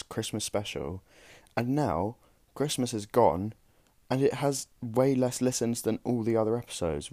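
A man's voice: on the low side, darkish tone, dry recording, studio quality. A young man hosting a solo podcast, rambling and joking at himself while tired and worn out. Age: young adult. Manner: rambling, self-mocking, tired. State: exhausted. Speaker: podcast host. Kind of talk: casual solo podcast chat.

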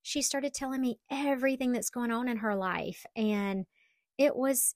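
Hosting a podcast alone, a middle-aged woman talks casually and candidly, often joking at her own expense. Her voice is a little high and unhurried, with no echo.

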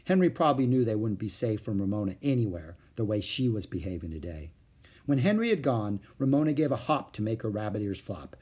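A man reading a children's chapter book aloud in an expressive, animated way. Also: fairly low pitch, brisk, husky. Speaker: storyteller.

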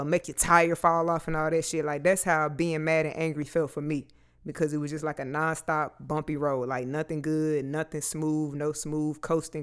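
A man's voice: a little high, clean tone. A man, talking candidly and casually to his viewers, swearing freely as he goes. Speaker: vlogger. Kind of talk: candid personal talk to camera.

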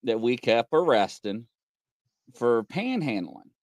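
A man co-hosting a casual talk show, telling a rambling, animated story. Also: mid-range voice, slow, no room sound. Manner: animated, rambling storyteller who acts out voices. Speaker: co-host.

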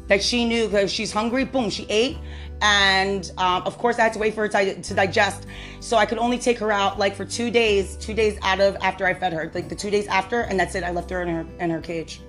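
A woman's voice: medium pitch, steady tone, a little fast, fairly bright tone, faint music behind. A woman hosting a casual solo podcast, rambling with fillers and laughing easily. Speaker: podcast host.

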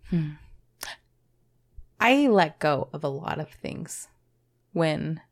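A woman co-hosting a podcast, talking in a halting, self-doubting way and swearing casually. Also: low-pitched, expressive. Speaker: podcast co-host. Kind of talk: candid conversational podcast talk.

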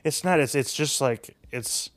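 A man's voice: medium pitch, fairly bright tone. A man co-hosting a casual podcast, cutting in with blunt, profane jokes. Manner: blunt, profane, quick jokey replies. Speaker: podcast co-host.

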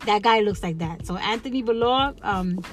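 A woman's voice: mid-range voice, moderate pace, soft background music. A woman hosting a casual solo podcast, chatting in a rambling way with lots of fillers, restarts and laughs. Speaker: podcast host.

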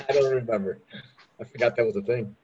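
A man's voice: medium pitch, normal speed, a little mellow. A man in casual podcast chat, laid-back and chuckling along. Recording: slightly dull lo-fi audio.

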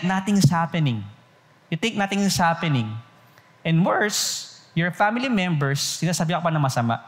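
A man's voice: fairly high pitch, big-room sound. A man with a Filipino accent preaching a sermon, checking in with his listeners after nearly every phrase and repeating himself. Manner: asks the group constant check-in questions, repeats phrases. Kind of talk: sermon in mixed Tagalog and English.

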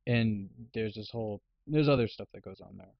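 A man's voice: on the low side, normal speed, vocal fry, dry recording. A man in a casual chat, retelling a film plot with lots of swearing and acted-out lines. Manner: animated retelling, acting out characters' lines; swears freely. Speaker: podcast host recapping a film. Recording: dry, dull lo-fi recording.

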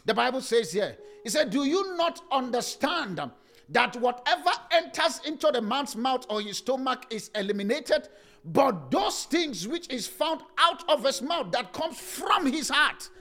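A man preaching a sermon with passion, swinging into sing-song cadences and rising to shouts. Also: very high voice, sing-song, measured pace.

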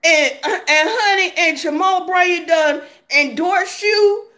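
A woman's voice: extremely high pitch, slow pace, sharp tone. A woman vlogger giving sassy, laughing gossip commentary, calling viewers honey and baby.

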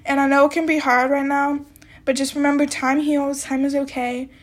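Young female podcast host with a high voice and a bit of a cold, talks in loose, rambling chat. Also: little pitch movement, normal speed. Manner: rambling, chatty, heavy use of "like" and "um". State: has a little cold. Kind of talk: casual solo podcast talk.

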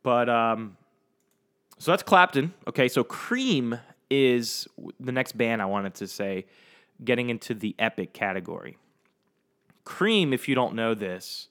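Here a young podcast host speaks alone, in a mid-range voice, going off on casual, animated, curse-filled tangents aimed right at his listeners.

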